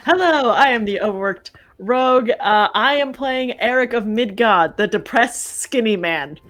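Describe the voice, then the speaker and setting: A woman's voice: on the high side, expressive, measured pace, a bit bright. Playful Australian woman at the table. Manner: playful and teasing. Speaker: player. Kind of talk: casual tabletop banter.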